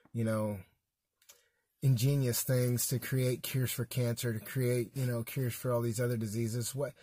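A man's voice: medium pitch, darkish tone, breathy edge, no echo. An American man giving an emphatic, folksy political monologue with blunt repetitions. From United States. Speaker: political commentator.

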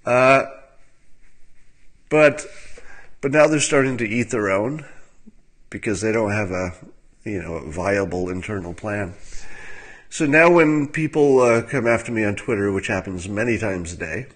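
Man, lowish voice, wry, musing, casual livestream commentary. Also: animated, measured pace, pauses often. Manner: wry and musing, with filler words and soft laughs.

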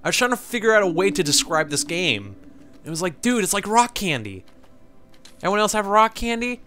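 A man's voice: high voice, expressive, fast talker, pushed and bright. A young man giving casual, rambling let's-play commentary, joking and laughing as he plays. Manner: rambling, jokey, laughs often.

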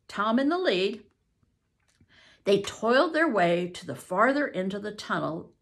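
An older woman, a grandmother, reading a classic novel aloud in a slow, expressive storytelling manner. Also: medium pitch, vocal fry. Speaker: reader.

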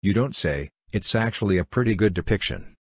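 A male audiobook reader voicing a cool, scheming male demon lord who speaks in a calm, measured, matter-of-fact way. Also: on the low side, breathy edge, no room sound, clean studio sound. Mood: composed. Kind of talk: audiobook character reading.

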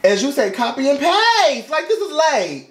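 A young man hosting a casual reaction vlog, sassy and expressive, swearing freely. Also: very high voice, normal speed. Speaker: YouTube reaction host.

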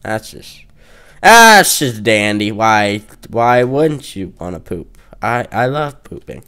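Slow goofy young man gaming. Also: on the low side, very animated, sharp tone, clear, resonant tone. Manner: goofy, trash-talking, breaks into off-key singing. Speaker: gameplay commentator. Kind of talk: casual gameplay commentary.

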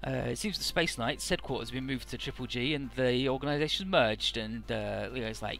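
A man's voice: mid-range voice, normal speed, vocal fry, few pauses, a bit bright. A young man casually recapping a video game's story, rambling and irreverent, with many uhs. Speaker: let's play narrator.

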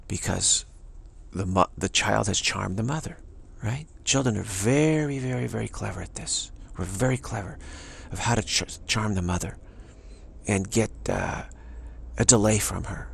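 A man's voice: lowish voice, moderate pace, vocal fry, slight background noise. A man giving an emphatic spiritual talk, repeating and restarting phrases as he presses his point. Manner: emphatic, repetitive, many restarts. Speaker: spiritual teacher.

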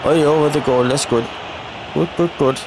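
Excitable man commentating his own gameplay. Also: fairly high pitch, moderate pace, noisy background. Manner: excitable, shouts at the referee, repeated "oi" chants. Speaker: gaming channel host.

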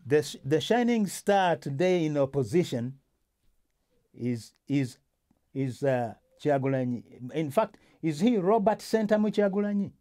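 A man's voice: a little high, animated, measured pace, warm tone. A male host in a casual political discussion, talking with many restarts and fillers.

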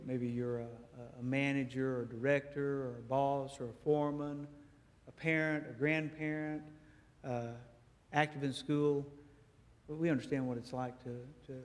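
A man preaching a sermon as a guest speaker, telling stories in a lively way and acting out dialogue in a church. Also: mid-range voice. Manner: animated storytelling, acts out dialogue. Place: church sanctuary. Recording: echoey church hall.

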